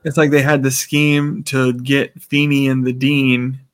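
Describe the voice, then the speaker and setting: This podcast co-host's medium-pitched voice barely moves in pitch and runs a little slow. He walks through a TV episode's scenes in relaxed chat, acting out what the characters say.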